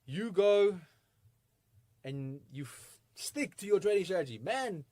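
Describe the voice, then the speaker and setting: A man presenting a live online trading masterclass, energetic and full of rhetorical questions, with frequent chuckles. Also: sits high, measured pace, pauses often, no echo.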